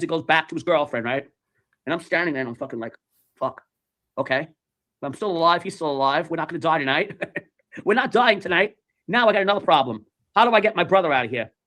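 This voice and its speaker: A man's voice: a little high, brisk, long pauses. A man telling a story in casual chat, animatedly acting out the voices of the people in it. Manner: animated, acts out quoted voices.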